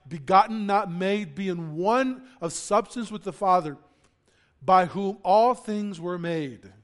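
Delivering an emphatic sermon, a pastor with a notably high voice rises loud on key phrases, then drops low to explain. He repeats words as he goes and frequently puts questions to the congregation.

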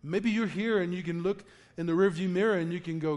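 Male pastor, high tenor, animated storyteller delivering a sermon to his church. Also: fairly quick, few pauses. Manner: animated storyteller, acts out quotes with laughter. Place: church in front of a congregation.

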